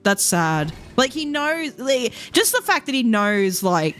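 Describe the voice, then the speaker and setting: A woman's voice: sits high, lively intonation, measured pace, a bit bright, soft background music. A woman, telling rambling stories in a casual chat with her viewers, swearing freely and laughing often. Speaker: VTuber streamer.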